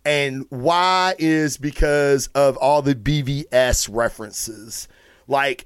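A man with a slightly high voice hosts a casual comic review and rambles excitedly through the plot. He swears freely. The sound is dry and close, with no room echo. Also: smooth. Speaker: host of a comic book review show. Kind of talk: casual solo review talk.

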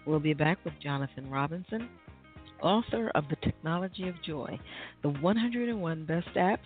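A woman hosting a radio show, reading the break and sponsor details in a measured, announcer-like way. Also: low-pitched, lively intonation. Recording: tinny phone-like line with faint music.

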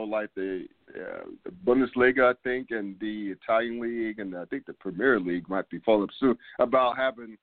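A man's voice: mid-range voice, no room sound. A man in his fifties hosting a casual sports talk show, loose and rambling, full of fillers and laughs. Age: 50s. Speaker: podcast host. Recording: phone-like line, dry sound.

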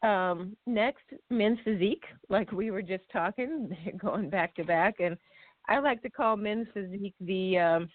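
A woman co-hosting a casual chat show, playful and quick to laugh. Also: medium pitch, no echo. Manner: giggly, playful. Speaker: co-host. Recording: tinny phone-like line.

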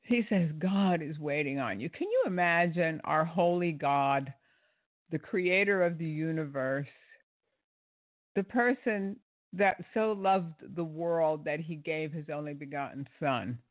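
Indignant high-voiced man, phone-like sound. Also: measured pace, no echo. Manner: indignant, sarcastic, hesitant with fillers. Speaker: commentator. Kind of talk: critical commentary on a clip. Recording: dry phone-like audio.

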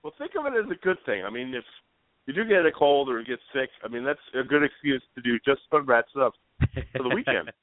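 A radio co-host chats casually, his medium-pitched voice animated and fairly quick, with an easygoing, teasing manner. There's no room sound, and the audio is dry and tinny, like a phone.

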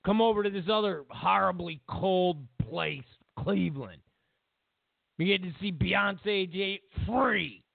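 A man's voice: high voice, slow, gravelly, no echo. A man hosting political commentary, ranting with sarcastic, mocking jabs. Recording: tinny phone-like line, dry.

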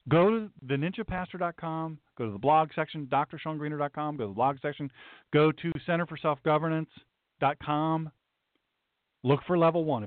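A middle-aged pastor hosting a talk show gives an emphatic, preachy monologue, repeating his points for punch. His voice sits fairly high for a man. The sound is dry and tinny, like a phone line. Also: no echo.

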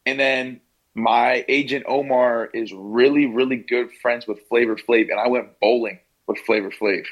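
A man's voice: mid-range voice, fairly even intonation, normal speed, poor audio. A young man from Pennsylvania, a basketball player being interviewed, talking casually and at length with fillers, restarts and little voices for the people in his stories. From Pennsylvania, USA. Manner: chatty storyteller, fillers and restarts, mimics people in quotes.

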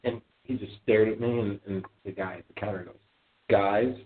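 A man hosting a casual call-in show, telling stories in an animated, indignant rant. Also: fairly low pitch, moderate pace, slight background noise. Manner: animated ranting storyteller, gets loud and indignant. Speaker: podcast host. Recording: tinny phone-like audio.

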